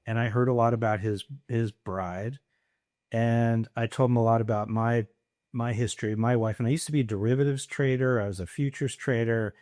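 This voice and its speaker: A middle-aged man, an entrepreneur guest on a podcast, telling casual stories with lively anecdotes and acted-out dialogue. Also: medium pitch, moderate pace, no room sound, clean studio sound.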